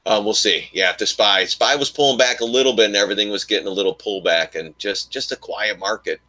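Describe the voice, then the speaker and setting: A man's voice: on the low side, fast talker, sharp tone, dry recording. A man giving casual live commentary on his stock trades, rambling and thinking aloud as he talks to his viewers. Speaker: stock trading streamer.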